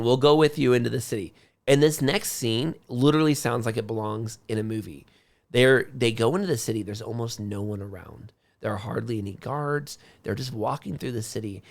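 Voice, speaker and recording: This podcast co-host has a gravelly, medium-pitched voice and retells history in a casual, conversational style. When he quotes people, he acts the lines out with lively flair.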